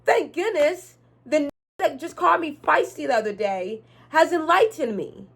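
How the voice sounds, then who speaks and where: Exasperated young woman ranting, soft R. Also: high voice, normal speed, vocal fry. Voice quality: cannot say R sounds. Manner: animated, exasperated, swears freely. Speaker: vlogger. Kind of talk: storytime rant.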